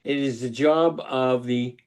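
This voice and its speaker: An older man giving a webinar lecture that mixes research points with personal storytelling, talking deliberately with frequent restarts. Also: mid-range voice, fairly even intonation, a little mellow, smooth. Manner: deliberate, halting delivery with many restarts. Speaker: psychologist giving a webinar talk. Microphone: video call microphone.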